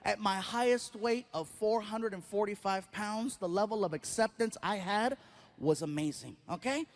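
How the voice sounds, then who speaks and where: A male comedian telling an animated stand-up story on stage, acting out scenes and yelping. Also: high-pitched, moderate pace, big-room sound.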